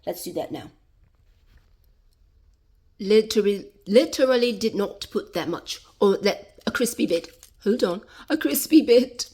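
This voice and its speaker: Woman vlogger, slow and chatty, demoing a home recipe, lots of "y'all". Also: mid-range voice, expressive, darkish tone. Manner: chatty, repeats words, laughs, says "y'all". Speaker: cooking vlogger. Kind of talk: casual cooking video.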